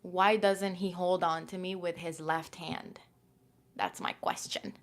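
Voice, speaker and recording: Young woman, livestreamer, casual and self-aware, lower pitch, reads text aloud between chat. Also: level tone, measured pace. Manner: chatty and self-conscious, lots of "like".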